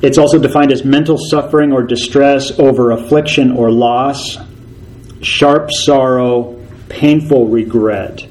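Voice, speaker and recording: A male pastor delivering a sermon in an earnest, steady voice at a middling pitch. He leans on repetition to drive his points home. When he reads scripture, he slows to a measured pace. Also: rough recording. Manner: earnest, repeats key phrases for emphasis.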